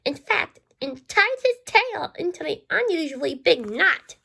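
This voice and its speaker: A woman reads a children's storybook aloud in a high, lively voice. She trips and restarts often, repeating words as she goes, with a gravelly catch in her tone. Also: measured pace. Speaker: storybook reader. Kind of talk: reading a children's book aloud.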